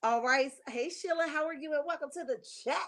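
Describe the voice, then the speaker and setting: With a high-pitched, somewhat bright voice and a brisk delivery, a sassy woman gossips on a casual reality-TV livestream. She's chatty and emphatic, reading viewers' comments aloud.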